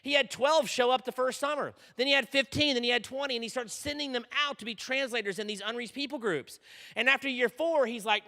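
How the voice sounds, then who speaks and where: Lively guy preaching, high voice, really bright and sharp, echo of a big hall. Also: fairly quick. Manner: energetic, storytelling, often asks okay. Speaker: conference speaker. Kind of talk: sermon. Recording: long reverb in a large hall.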